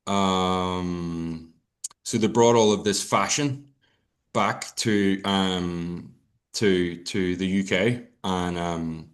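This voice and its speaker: A young Irish man talks loosely on a podcast, rambling through his points with plenty of swearing and restarts. His voice sits on the low side. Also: steady tone, extremely slow. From Ireland. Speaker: podcast guest. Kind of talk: casual chat.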